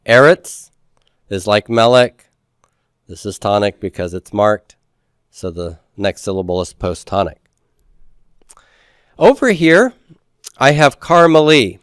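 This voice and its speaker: Male teacher, classroom lecture, lowish smooth voice, dry close sound, quizzes the class as he explains. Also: sing-song, takes it slowly, long pauses, a bit bright, no room sound. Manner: explains step by step, asks the class questions and answers them. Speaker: Biblical Hebrew teacher.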